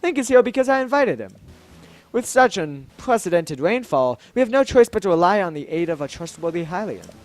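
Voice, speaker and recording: A man voicing an earnest young male fish-folk prince who speaks briskly and reprovingly. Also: high-pitched, sing-song, dry recording.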